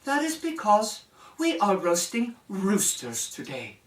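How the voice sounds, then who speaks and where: A man's voice: high voice, huge pitch swings, takes it slowly, reverberant, distant mic, pitched above the performer's own voice, exaggerated voice. A man voicing a cold, haughty princess in a spoken fairy tale, with curt, icy lines.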